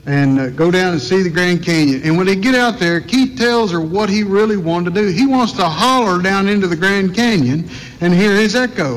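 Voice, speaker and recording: A man preaching a sermon, telling a folksy story with drawn-out emphasis before reading scripture. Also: high voice, fairly bright tone, big-room sound, rough recording. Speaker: pastor.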